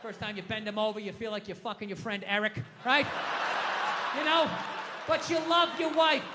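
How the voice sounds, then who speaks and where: A man doing a stand-up comedy set, ranting loudly with heavy swearing and shouted impressions. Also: sits high, normal speed, long reverb tail, heavy background noise. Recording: live club with audience laughter. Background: crowd laughing.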